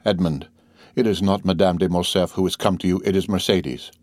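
A man's voice: deep voice, steady tone, brisk, darkish tone, no room sound, lightly acted. A man voicing a desperate noblewoman pleading for her son in an audiobook. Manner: pleading, despairing. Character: desperate pleading noblewoman, mother, middle-aged. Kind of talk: audiobook character reading.

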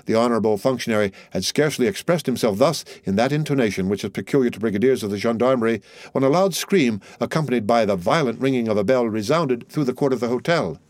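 A male narrator reads a classic novel in a steady, measured voice at a middle pitch. The recording is dry and close, with no room sound. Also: no echo. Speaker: audiobook narrator. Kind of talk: scripted narration.

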